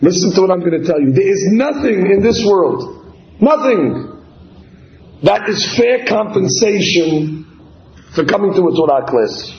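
A man teaching a Torah class in an animated storytelling sermon. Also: sits high, unhurried, slight background noise. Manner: animated storyteller acting out dialogue. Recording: slightly dull, roomy recording.

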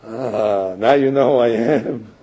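A man voicing a dignified, forgiving elderly rabbi who speaks in a soft, low tone. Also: takes it slowly, slightly rough, muffled recording. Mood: gently reproachful.

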